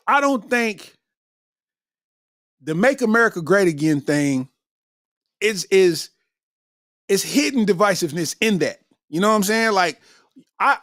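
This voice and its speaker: A male comedian hosting a podcast, riffing in an animated, slangy monologue and laughing often. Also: high-pitched, dry recording, studio quality.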